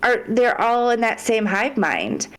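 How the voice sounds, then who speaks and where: A woman's voice: fairly high pitch, big pitch swings, unhurried, fairly bright tone, a little hiss or hum. A woman guest on a podcast, talking in a heartfelt, rambling way in casual interview chat.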